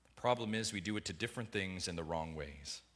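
Male pastor, sermon, emphatic, bright voice, loud-then-quiet delivery. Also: sits low, expressive, a little fast. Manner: emphatic, swings from hushed to loud.

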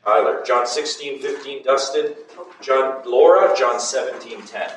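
Guy teaching bible class, emphatic, asks lots of questions, far off in a boomy room. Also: measured pace. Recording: echoey room, far from mic, faint noise.

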